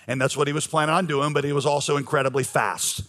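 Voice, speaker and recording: A man's voice: fairly high pitch, fairly even intonation, fast, fairly bright tone. A man preaching a sermon as pastor, talking conversationally with frequent fillers. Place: church sanctuary. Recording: long reverb of a large hall.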